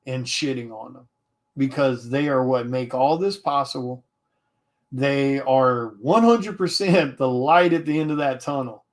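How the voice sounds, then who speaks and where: A man, an indie comic artist, talking to his viewers in a blunt, profane casual rant, with many restarts. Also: fairly high pitch.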